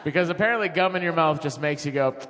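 A man co-hosting a live podcast on stage, telling excited, jokey anecdotes. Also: a little high, fast. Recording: theater reverb.

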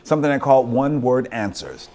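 A man hosting an interview, asking questions in a playful, expressive way. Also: mid-range voice, a little fast. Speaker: interviewer host. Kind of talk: casual interview.

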